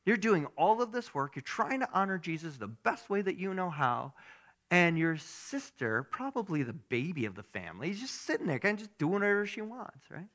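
Bright-voiced, chatty male pastor. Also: sits high, normal speed. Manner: conversational, animated, asks the congregation questions. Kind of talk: sermon.

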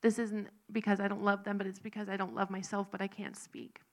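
Gravelly woman giving a heartfelt testimony. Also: mid-range voice, little pitch movement. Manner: earnest, halting and emotional storytelling. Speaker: speaker sharing a recovery testimony. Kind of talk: personal faith testimony.

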